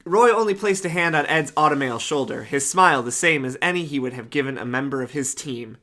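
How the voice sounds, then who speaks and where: A man co-hosting a comedic fanfiction reading, animated and laughing, struggling with hiccups. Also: mid-range voice, a little fast. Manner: animated, laughing, apologetic asides. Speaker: fanfiction reader, co-host.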